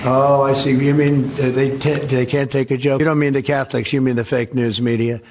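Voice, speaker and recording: A man answering press questions, halting and repeating words in a dismissive way. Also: mid-range voice, flat delivery, a little mellow, slight background noise. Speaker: politician taking press questions.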